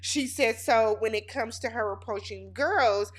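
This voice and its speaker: Sassy, slightly high-voiced woman recapping TV. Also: a little slow, husky. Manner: sassy, blunt, gossipy. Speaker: reality TV recap host. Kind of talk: casual TV recap commentary.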